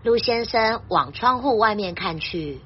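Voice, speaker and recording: A woman translating a children's story and explaining vocabulary in a clear, gentle teaching voice. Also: fairly high pitch, lively intonation, a little slow, dull audio.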